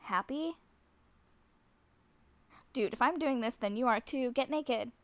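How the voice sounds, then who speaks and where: Flustered woman in an audio role-play, nervous and self-conscious, with a fairly high voice and a dry, close sound. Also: slow pace, a bit bright, no room sound. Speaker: nervous woman talking to a friend on the phone.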